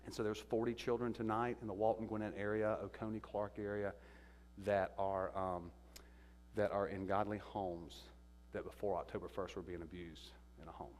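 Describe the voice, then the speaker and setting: A lower-pitched man gives a sermon testimony in a church. He stumbles and repeats words as he tells his story. His voice carries a long reverb through the sanctuary. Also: little pitch movement, moderate pace, a little mellow, a little hiss or hum. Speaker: guest speaker.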